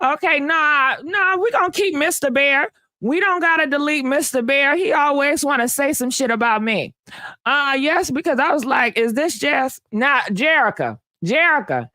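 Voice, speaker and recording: A woman hosting a live gossip stream, sassy and animated, chatting with viewers and answering comments. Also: high voice, moderate pace, dry recording. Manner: sassy, animated, calls viewers honey and baby, laughs often. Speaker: host of a live gossip channel. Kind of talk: casual live-stream chat reading comments.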